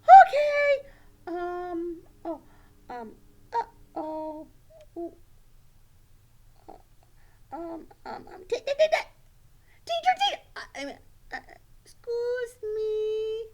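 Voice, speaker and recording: A woman's voice: very high voice, sing-song, slow, long pauses, a little mellow, voice pushed up, exaggerated voice. A woman voicing a jittery, overexcited little girl puppet who stammers and sounds near tears. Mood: hesitant.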